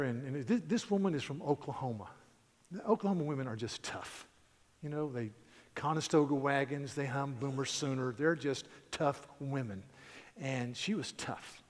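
Male pastor, mid-range voice, chatty animated sermon delivery, reverberant church sound. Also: medium pitch. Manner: conversational, animated, frequent restarts. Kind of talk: sermon with storytelling. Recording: hall reverb.

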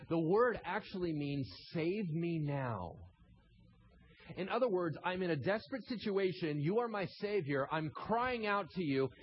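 A man's voice: high-pitched, animated, moderate pace, few pauses, husky, dull audio. A man preaching a sermon, asking the congregation rhetorical questions and reading scripture aloud. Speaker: pastor.

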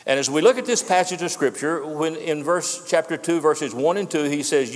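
Older male pastor, earnest and emphatic, slightly higher voice, church reverb. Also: normal speed. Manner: earnest, emphatic preaching with repetitions. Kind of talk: farewell sermon. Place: church sanctuary. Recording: long hall reverb.

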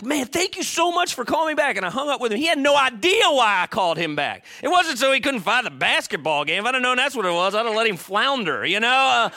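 A middle-aged man preaching a sermon as a pastor, animated, moving between loud emphasis and quiet asides and acting out voices. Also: extremely high pitch. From United States.

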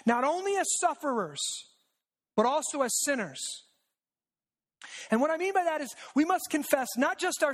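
A preacher mid-sermon, speaking in a rhetorical style full of repeated lines and quick "right?" checks. Key phrases are pressed home by sinking lower and softer. The delivery stays steady and earnest. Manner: rhetorical and repetitive, with frequent "right?" asides; drops low and quiet for emphasis.

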